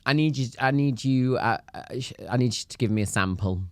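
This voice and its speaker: A man voicing a stern, brusque female nurse who barks clipped orders in a raised, high voice. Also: brisk, a little mellow, no room sound, clean studio sound.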